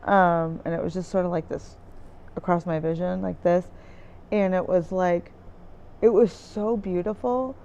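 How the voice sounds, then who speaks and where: Mellow gravelly-voiced woman rambling. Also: on the low side, fairly even intonation, a little slow. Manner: rambling, searching for words, many fillers. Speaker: vlogger. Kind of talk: casual diary-style recap. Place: dim room indoors by a window with trees outside.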